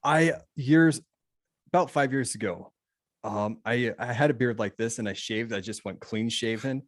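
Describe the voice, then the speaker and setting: A man's voice: mid-range voice, moderate pace. A man in his thirties from Montana, hosting a casual interview and asking curious questions between laughs. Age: 30s. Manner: curious, friendly, laughs often. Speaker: host.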